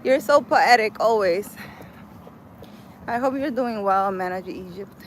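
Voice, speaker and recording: A woman's voice: medium pitch, a little slow, a little hiss or hum, low-quality recording. A woman chatting casually on a live stream while walking, rambling with lots of "like" and "I don't know". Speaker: vlogger reading live chat. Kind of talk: casual chat on a live walk. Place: outdoors in a city park.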